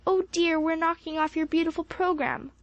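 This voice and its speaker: Excitable, exclaiming young girl, played by a woman reader in a storybook; high and bright on a dry read. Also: normal speed, no room sound, highs cut off. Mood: excited. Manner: gushing, exclamatory. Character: excitable warm-hearted girl Polly.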